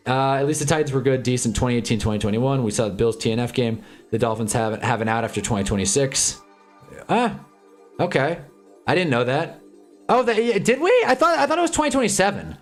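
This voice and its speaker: A man hosting a live stream, chatting casually and sarcastically in a rambling, animated way, reading chat and reacting as he goes. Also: mid-range voice, a little fast, faint music behind. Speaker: livestream host.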